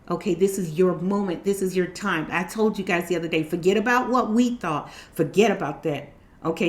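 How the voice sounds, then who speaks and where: A woman's voice: lowish voice, roomy sound. A woman in her fifties giving a casual, emphatic spiritual pep talk to her viewers, repeating her points. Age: 50s. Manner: repetitive, emphatic, exhorting. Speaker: spiritual channel host.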